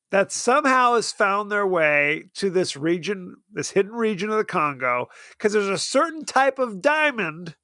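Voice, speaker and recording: A man's voice: high voice, pushed and bright, no room sound, studio quality. A man co-hosting a podcast in casual chat, recapping with frequent laughs. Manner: chatty, laughs often while recapping. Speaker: podcast co-host.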